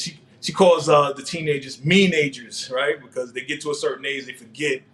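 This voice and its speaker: Excitable man recapping a TV episode. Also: on the high side, brisk, hardly any pauses, a little hiss or hum. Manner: excitable, laughs often, heavy street slang. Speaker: TV show recap host. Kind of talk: casual live episode recap.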